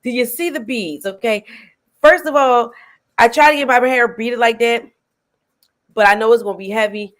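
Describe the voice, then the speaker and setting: A woman hosting a film reaction show, chatting casually and excitably, laughing often and using slang. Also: fairly high pitch, normal speed, long pauses.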